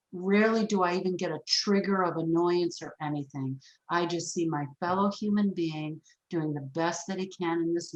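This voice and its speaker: A woman guest on a podcast telling personal stories about forgiveness in a frank, animated way. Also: on the low side, highs cut off. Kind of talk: storytelling in a podcast interview. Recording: roomy echo.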